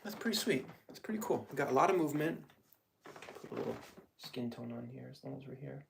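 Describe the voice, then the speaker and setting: A man's voice: medium pitch, lively intonation, brisk, gravelly, noisy background. A man casually talking to his live-stream viewers while painting, rambling to himself and getting heated when he rants. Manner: rambling, talks to himself and chat while working; gets heated and louder when ranting.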